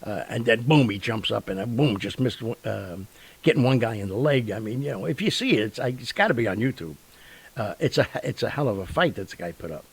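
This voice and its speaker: A man hosting a show, telling stories in a rambling, animated way with lots of fillers and sound effects. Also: lowish voice, fairly quick, creaky, husky, poor audio. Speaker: radio show host. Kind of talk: casual storytelling monologue.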